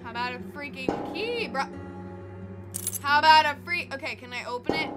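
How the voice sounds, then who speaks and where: High-voiced, excitable woman gamer. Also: moderate pace, pauses often. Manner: excitable, easily spooked, talks back to the game. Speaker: let's play gamer. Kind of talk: casual gameplay commentary. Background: game music.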